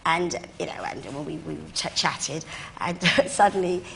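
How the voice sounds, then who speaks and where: A woman guest on a TV chat show, telling gossipy anecdotes in an animated way and laughing often. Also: fairly low pitch, a little slow, creaky. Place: TV studio. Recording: noisy old TV broadcast.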